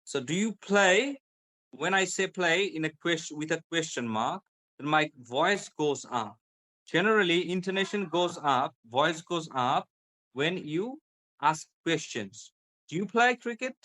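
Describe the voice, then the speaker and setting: A man's voice: a little high, measured pace, sharp tone. A man with a British accent explaining pronunciation as a guest, repeating example words to show stress and intonation. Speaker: guest English pronunciation speaker. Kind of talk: explanatory conversation.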